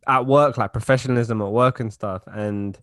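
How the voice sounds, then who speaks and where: Young man, easygoing podcast co-host, joking, mid pitch, dry close recording. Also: moderate pace, dry recording. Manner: relaxed, joking, steers the talk like a host. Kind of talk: casual chat.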